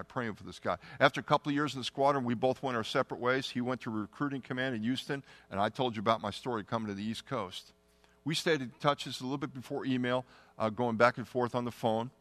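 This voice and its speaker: A middle-aged man telling a personal testimony story, earnest and often dropping to a hushed tone. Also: mid-range voice, fast talker, no echo. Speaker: testimony speaker.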